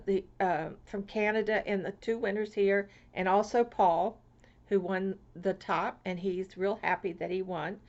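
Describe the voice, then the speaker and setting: A woman from Florida chatting casually to her viewers as she opens mail, gushing and excitable and swooping high over each gift. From Florida, USA. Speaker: crafting vlogger. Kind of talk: casual chat opening mail. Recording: lo-fi home video sound.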